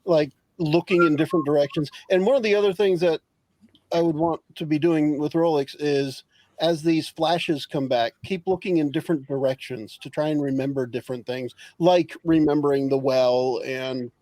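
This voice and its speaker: A man playing a tabletop game, calmly explaining what his character does. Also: on the high side, no room sound, low-quality recording. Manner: measured, explaining his plans. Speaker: player.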